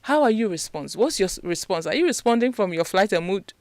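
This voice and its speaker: A woman's voice: mid-range voice, expressive, fast talker, a little mellow, dry recording. Woman coaching on live radio. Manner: teaching, asks rhetorical questions. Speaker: leadership and communication strategist, guest. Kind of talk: radio interview, explaining to a host. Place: radio studio.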